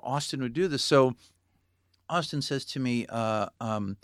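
A middle-aged cinematographer and filmmaker swaps lively stories in casual conversation, humming tunes and imitating people along the way. His mid-range voice is a little slow, captured in studio quality with no room sound.

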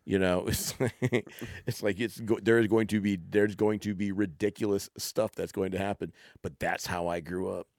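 A middle-aged father hosts a podcast and chats casually with his son, acting out quoted exchanges as he tells stories in this family conversation. His voice sits low with little pitch movement, at a moderate pace and a little mellow. The studio sound is clean, with no room sound.

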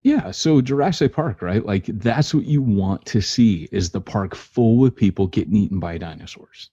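A man's voice: on the low side, expressive, normal speed, warm tone, husky. A man co-hosting a podcast in casual chat, teasing and joking with his partner. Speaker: podcast co-host. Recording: slightly muffled lo-fi audio.

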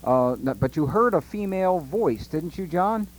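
A man's voice: on the high side, expressive, normal speed, rough recording. A man hosting a radio interview, prompting his guests with probing questions. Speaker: radio show host.

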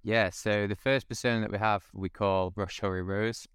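A man's voice: lowish voice, fairly even intonation, normal speed, fairly bright tone, clear, resonant tone, no echo, clean studio sound. A man speaking as a podcast guest, explaining steadily in casual conversation.

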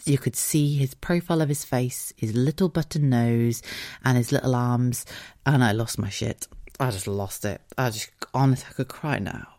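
A woman's voice: rumbling low, moderate pace, dark tone. A woman hosting a podcast, telling a personal story in a casual, rambling way, open, emotional and a little sweary. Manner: chatty and rambling, with asides and frequent laughter. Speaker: podcast host.

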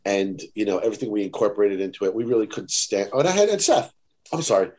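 Animated man telling stories. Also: fairly low pitch, quick pace. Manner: animated, laughing, quotes people in put-on voices. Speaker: podcast guest. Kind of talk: casual storytelling.

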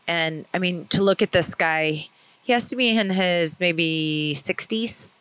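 A woman co-hosting a podcast and calmly retelling her own story in casual talk. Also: fairly low pitch, measured pace, smooth, dry recording, low-quality recording. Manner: calm, steady retelling. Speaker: podcast co-host, testimony speaker.

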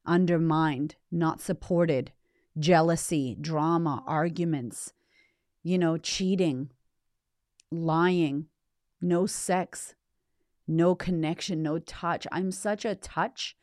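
Low-voiced, swearing motivational host. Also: female voice, slow, a little mellow, no room sound, clean studio sound. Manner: emphatic, swears freely, direct address to listener. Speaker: podcast host and women's coach. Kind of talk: motivational podcast monologue.

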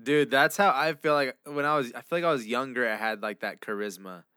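Young man, bright clear voice, laughing. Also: mid-range voice, a little fast, no room sound, clean studio sound. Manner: laid-back, laughs often, swears freely. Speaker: podcast co-host. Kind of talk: casual chat.

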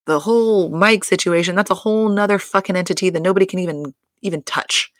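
A woman's voice: on the low side, fast, no room sound, clean studio sound. A woman recapping a reality show in a chatty, filler-heavy way, with exclamations and swearing. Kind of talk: casual recap chat.

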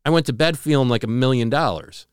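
A man co-hosting a podcast, retelling a story earnestly with halting restarts and a hushed, slowed delivery on dramatic moments. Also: clear, resonant tone, no room sound, studio quality. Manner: slows and drops to a low hush on dramatic moments. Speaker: podcast co-host. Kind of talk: casual storytelling chat.

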